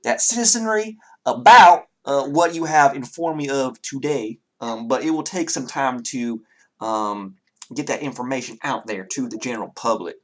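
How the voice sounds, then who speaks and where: A man's voice: medium pitch, moderate pace, natural voice. A man from the Southern US voicing a polite, fussy Southern town official in a tabletop game, with a put-on Southern drawl. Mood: courteous drawl.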